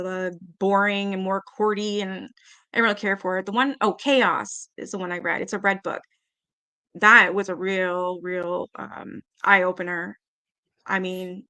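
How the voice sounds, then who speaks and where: A woman hosting a live-stream panel, chatting casually and reading viewer comments aloud with quick asides. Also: medium pitch. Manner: chatty, animated, quick asides and little laughs.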